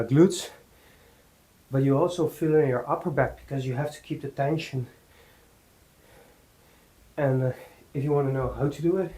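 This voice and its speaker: A man giving a casual workout talk in his home gym, halting with many fillers and out of breath between sets. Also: medium pitch, dark tone, poor audio. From Netherlands. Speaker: fitness vlogger.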